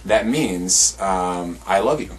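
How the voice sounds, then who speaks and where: Laid-back young man, low voice. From Norway. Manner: laid-back, joking, drawn-out words when teaching. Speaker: language teacher. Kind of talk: casual chat.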